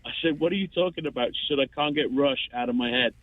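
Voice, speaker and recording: A man's voice: medium pitch, quick pace. A man in his fifties calling in to a radio show, rambling and chatty with lots of restarts and fillers. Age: 50s. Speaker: caller. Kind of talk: phone-in chat. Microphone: telephone. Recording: tinny phone line.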